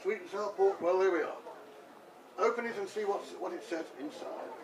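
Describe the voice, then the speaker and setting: A man of older years runs a comic magic routine, guiding a volunteer step by step and laughing at his own jokes. His voice sits high for a man. The sound is distant and roomy, with steady noise underneath. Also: moderate pace. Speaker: amateur magician performing tricks. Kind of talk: comic magic-show patter. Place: room with a live audience. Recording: echoey room, distant mic, background noise.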